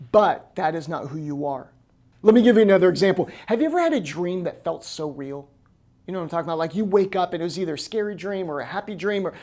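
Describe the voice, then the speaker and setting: An American man in the role of pastor, preaching a lively sermon and acting out quoted voices. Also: sits high.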